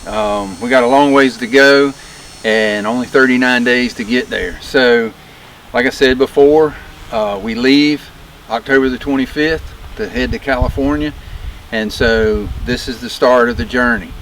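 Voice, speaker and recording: A man hosting a documentary vlog, talking earnestly with halting pauses and fillers. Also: medium pitch, a bit bright, a little hiss or hum, poor audio. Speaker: documentary host. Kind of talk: casual vlog narration.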